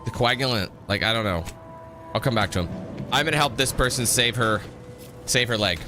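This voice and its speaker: With music underneath, a gaming YouTuber talks fairly quickly in a mid-range voice. He rambles casually about the game as he plays and tends to correct himself partway through sentences.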